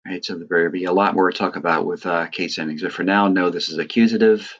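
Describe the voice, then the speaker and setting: Deep-voiced man teaching a lesson, muffled audio. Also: fast. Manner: relaxed, explanatory, with frequent "uh" and "right". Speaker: Greek teacher. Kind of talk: recorded lecture.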